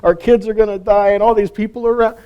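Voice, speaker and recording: A man's voice: sits high, big pitch swings, takes it slowly, warm tone, lo-fi sound, pitched above the performer's own voice, full character voice. A man voicing a frightened, complaining crowd of desert wanderers, in a whiny, panicky tone.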